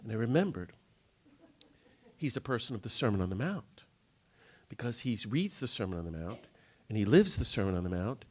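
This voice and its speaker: Excitable man lecturing with lively swoops. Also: on the low side. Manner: fast, excitable, theatrical delivery. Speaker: speaker at a nonviolence day. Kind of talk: animated storytelling lecture. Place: indoor gathering room.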